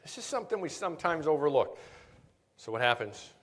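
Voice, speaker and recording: A man giving a conference talk, his pitch rising and falling as he jokes and tells stories between technical points. He keeps tossing "right?" at the audience. The sound carries a long reverb tail from the large hall. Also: sing-song, fairly quick, fairly bright tone. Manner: jokey, storytelling, keeps asking "right?". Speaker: tax seminar presenter. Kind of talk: live conference lecture.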